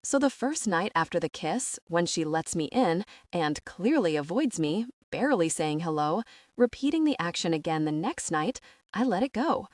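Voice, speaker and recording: A woman narrating a first-person romance audiobook in an expressive reading, recorded close on a studio mic. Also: on the low side, moderate pace, no room sound.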